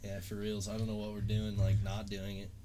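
A man's voice: fairly low pitch, completely flat delivery, fairly quick, a crowd in the background. A young man hosting a casual livestream chat, swearing and laughing as he tells stories. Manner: laid-back, swearing, laughing storyteller. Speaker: livestream host.

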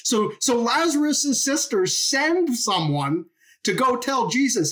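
Animated woman preaching a story. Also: a little high, slow pace. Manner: animated, rhetorical questions, acts out quotes. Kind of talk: impromptu sermon-like storytelling.

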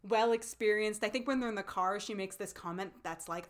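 A woman's voice: mid-range voice, a little fast, hardly any pauses. Chatty woman with lots of fillers. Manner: animated, acts out characters' lines with lots of fillers. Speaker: podcast co-host. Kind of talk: casual chat recapping a TV drama.

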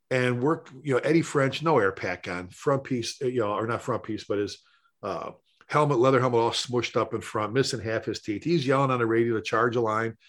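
A middle-aged man, a firefighter and paramedic, telling rambling, animated stories in casual conversation. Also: medium pitch. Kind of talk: conversational storytelling.

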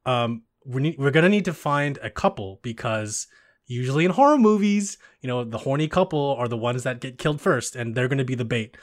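A man's voice: medium pitch, lively intonation, fairly quick, close to an everyday voice. A man casually quoting a brash, flirty male yakuza boss from a game. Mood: scheming. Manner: casual retelling, half-joking.

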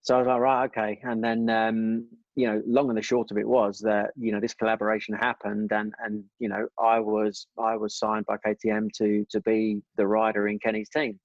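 A man telling stories in a relaxed interview, circling back through his points. His voice sits low. The recording is dull and very dry. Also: moderate pace, few pauses, no room sound. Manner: rambling, many restarts and "you know"s. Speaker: guest, former motorcycle racer. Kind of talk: casual storytelling interview.

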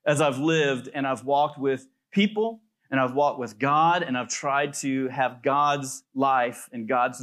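A pastor preaching a sermon in a loose, conversational way, telling stories with plenty of fillers. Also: male voice, mid-range voice, fairly bright tone. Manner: conversational storytelling with many fillers.

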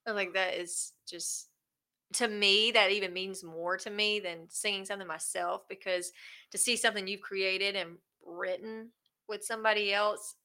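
A woman from South Carolina with a Southern accent, a country singer chatting in an interview, talkative and quick to laugh. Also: medium pitch, steady tone, pushed and bright. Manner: chatty, laughs often, drawling. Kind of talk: casual interview chat.

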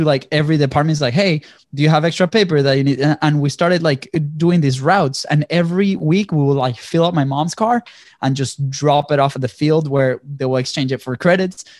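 Venezuelan-born guy telling a story, kinda high voice, dry close sound, keeps saying right?. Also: dry recording. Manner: animated storyteller, acts out quotes, frequent "right?". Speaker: guest. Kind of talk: storytelling in conversation.

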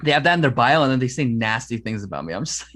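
Animated, earnest man telling his story. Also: racing. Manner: earnest, emphatic, swings between high and low pitch. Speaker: interview guest. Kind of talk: passionate personal storytelling.

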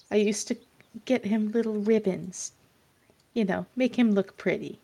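A woman's voice: mid-range voice, a little slow, a little mellow. A woman playing a tabletop game who speaks in a motherly way, calling others dear. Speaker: tabletop player or game master. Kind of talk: in-character tabletop play.

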